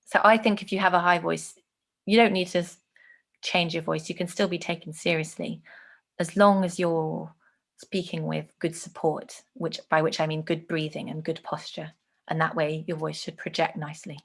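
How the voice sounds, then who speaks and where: A woman teaching an online lesson on speech delivery, clearly demonstrating phrases with changing intonation. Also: low voice, level tone, normal speed.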